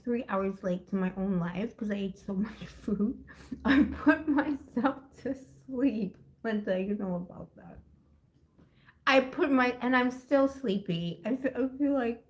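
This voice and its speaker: Giggly, rambling woman tarot streamer. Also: fairly high pitch. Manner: rambling and giggly, jumps between topics; heavy use of "like" and "you know". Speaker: tarot reader hosting a live stream. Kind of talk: casual live-stream chat. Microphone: built-in device mic, no separate mic.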